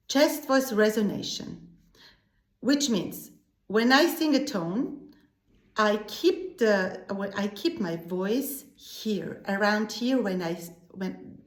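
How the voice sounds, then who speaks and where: A woman teaching opera singing, explaining vocal technique in a patient way and often restarting words. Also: medium pitch. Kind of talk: vocal lesson. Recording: echoey room.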